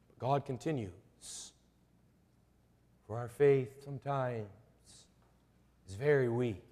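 A man preaching a sermon, slow and emphatic, with repeated rhetorical questions. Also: medium pitch, mellow, big-room sound.

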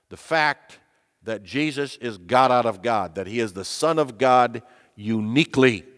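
A man preaching a teaching sermon on a catechism, stressing key words and repeating them, his voice lifting in pitch to drive points home. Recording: long echo of a large hall.

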